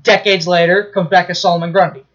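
Chatting casually on a podcast he co-hosts, a man enthusiastically walks through a plot, swearing openly and restarting sentences. He talks quickly in a high register, and the sound is lo-fi.

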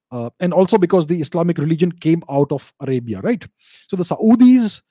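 A man answering viewer questions in an unscripted explanatory talk, measured, often repeating and restarting phrases. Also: a little high, dark tone, no room sound.

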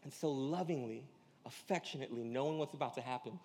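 A man's voice: medium pitch, quick pace, darkish tone, a little hiss or hum. A man preaching a sermon as pastor, in a casual slangy way, often acting out quoted dialogue. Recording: church hall reverb.

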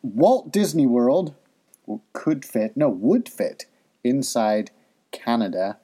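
A man's voice: mid-range voice, big pitch swings, slow pace, dark tone, husky. A man in his forties hosting a casual chat, quizzing and teasing in a playful, jokey way. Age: 40s. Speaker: podcast host and father.

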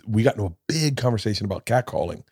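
A man's voice: on the low side, lively intonation, racing, a little mellow, breathy edge, no room sound, studio quality. A man in his forties hosting a podcast, telling rambling, profane comic stories and acting out the voices of the people in them. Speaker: podcast host. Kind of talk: casual comedic storytelling.

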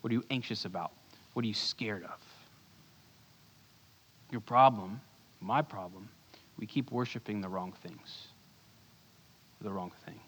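A man preaching a sermon as pastor, earnest, moving between urgent bursts and hushed low lines. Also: measured pace, pauses often, breathy edge. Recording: long hall reverb.

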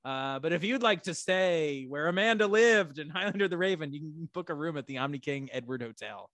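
Man, rambling excitable podcast co-host, slightly high voice, dry sound. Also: a little fast, dry recording. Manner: rambling, filler-heavy, swears, excitable. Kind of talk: casual chat recapping a TV episode.

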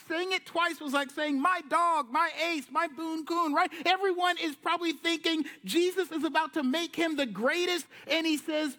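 Lively high-voiced pastor preaching. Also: male voice, normal speed, few pauses. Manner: lively storytelling, acting out Jesus and disciples in slang. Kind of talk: sermon. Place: church sanctuary.

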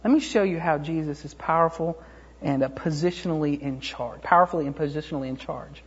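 Male pastor, husky voice, chatty storytelling sermon with plenty of ums, muffled lo-fi recording. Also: a little fast. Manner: conversational, retells the story with many fillers and restarts; acts out quoted voices, rises to a fervent pitch when preaching.

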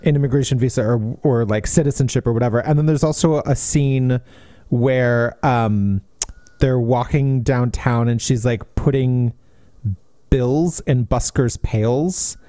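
Man, podcast co-host, animated casual book talk, dry close sound. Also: mid-range voice, a little slow, dry recording. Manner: animated, many fillers and restarts.

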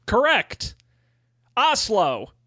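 A man's voice: high-pitched, huge pitch swings, extremely slow, sharp tone, no room sound. A man running a tabletop game as game master, chatty and full of "uh" fillers.

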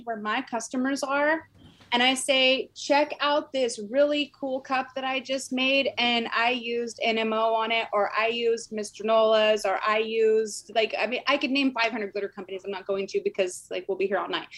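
A woman's voice: fairly high pitch, steady tone, normal speed, a bit bright. A woman who runs a small business, chatting casually and saying "like" often. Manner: chatty, fond of "like". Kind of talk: casual chat.

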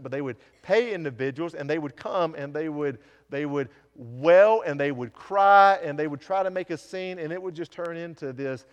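Earnest preacher man in a reverberant hall. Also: fairly high pitch. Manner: earnest, questioning the congregation directly. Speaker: pastor. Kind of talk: sermon. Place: church sanctuary.

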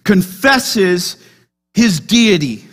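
A man preaching a sermon as pastor, emphatic, dropping quiet then crying out loud. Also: high voice, sing-song, very slow.

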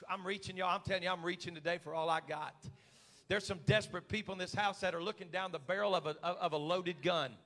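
A male pastor, preaching a fervent sermon to his church and swinging between loud shouted calls and quiet, close prayer. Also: high-pitched, steady tone, fast talker. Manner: preaching with rising shouted fervor. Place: church sanctuary.

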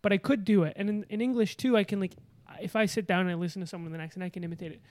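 A man's voice: sits high, steady tone, very fast, a little mellow. A man from Argentina whose first language is Spanish, chatting casually and hesitantly, often searching for words. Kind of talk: casual chat.

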